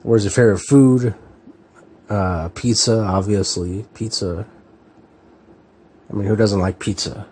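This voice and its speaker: Man in his 30s, husky, low-ish voice, slow easygoing vlog chat, hesitant with fillers. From California. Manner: relaxed, hesitant, many fillers and restarts. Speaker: book vlogger. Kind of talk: casual chat, answering a tag.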